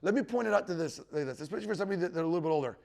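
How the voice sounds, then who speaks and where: Racing along in a high, gravelly, slightly mellow voice with lively intonation, a man teaches about the end times from the Bible to a live audience in a teaching room. He talks conversationally, checks in with his listeners, and builds emphasis when quoting scripture.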